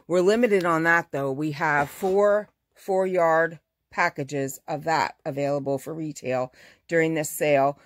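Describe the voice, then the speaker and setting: Gushing, chatty woman, a fabric shop owner, showing her stock in a relaxed live showcase. Her voice sits a little low. The sound is dry and close, and she stops to correct herself as she goes. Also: no room sound. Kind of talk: casual live product showcase.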